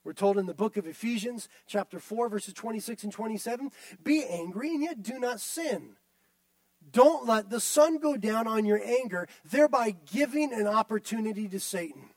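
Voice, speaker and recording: A man's voice: sits high, normal speed, no room sound. A male pastor delivering a sermon, emphatic and repetitive, often turning to the listeners directly.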